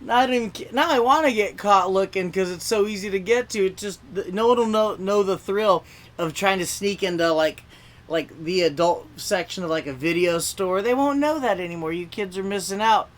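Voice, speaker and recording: A young man with a fairly high voice does stand-up at an open mic over a video call. He rambles and restarts, full of "like", and suddenly jumps into shouted or whispered voices when he quotes people. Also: fairly quick. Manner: rambling, self-interrupting, lots of "like". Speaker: stand-up comedian.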